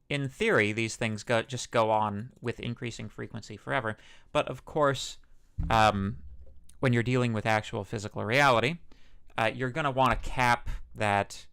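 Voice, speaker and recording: A man's voice: mid-range voice, steady tone, normal speed, a bit bright. A man lecturing a university class, conversational and loose, with fillers, self-corrections and the odd joke. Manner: jokes about his own smooth radio-like tone. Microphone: microphone.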